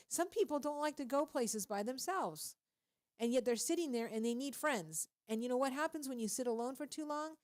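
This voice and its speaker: Animated, preachy woman radio host. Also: fairly high pitch, a little fast. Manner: animated and preachy, often laughing. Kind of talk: casual faith-based radio talk.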